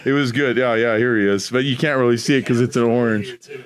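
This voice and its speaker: A man's voice: medium pitch, fairly even intonation, fast talker. A man from Canada, a former hockey enforcer, telling fight stories as a podcast guest, swearing constantly and laughing through them. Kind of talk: casual storytelling, profane.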